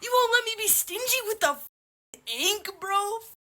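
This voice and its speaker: A woman's voice: very high-pitched, lively intonation, normal speed, pushed and bright, a little hiss or hum. Tearful furious woman ranting. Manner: furious, profane, voice breaking. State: crying. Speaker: social media poster. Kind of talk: ranting selfie video.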